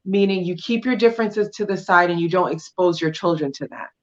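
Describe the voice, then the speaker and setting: A woman's voice: fairly low pitch, brisk, lo-fi sound. A woman guest in an interview, explaining her views in an emphatic, conversational way with many "um"s and "you know"s. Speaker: guest sharing her divorce experience.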